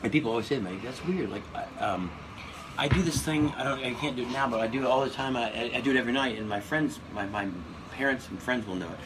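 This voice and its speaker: A man in his fifties, a comedian guest, telling stories in a casual interview, animated and profane, often restarting his sentences. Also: medium pitch, quick pace. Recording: noisy recording.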